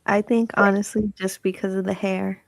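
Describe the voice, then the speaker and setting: Woman w/ a gravelly voice, dry sound, blunt answers on a dating show. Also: medium pitch, level tone, normal speed, no room sound. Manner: blunt, frank. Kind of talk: casual chat.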